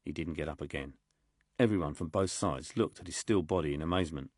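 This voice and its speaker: A man reading an audiobook in a steady, measured way. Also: a bass voice, no room sound, studio quality. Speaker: audiobook narrator. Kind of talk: scripted narration.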